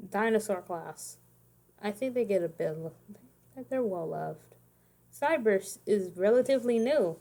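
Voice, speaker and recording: Mellow-voiced woman rambling on a livestream. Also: medium pitch, vocal fry. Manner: rambling, self-correcting, chatty asides. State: tired, yawning. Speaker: streamer making custom cards. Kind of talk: casual livestream chat.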